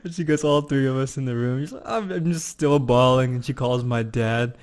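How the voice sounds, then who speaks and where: Young guy telling a school story, normal mid pitch, puts on voices for everyone. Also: fairly quick, few pauses. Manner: animated storyteller, acts out voices. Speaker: podcast guest. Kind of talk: casual chat, storytelling.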